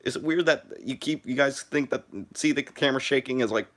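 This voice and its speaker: Teen guy on a phone live stream, mid pitch, lots of uh and like, keeps restarting his sentences. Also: a bit bright. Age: teens. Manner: halting, full of "uh" and "like", restarts sentences. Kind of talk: rambling live stream chat.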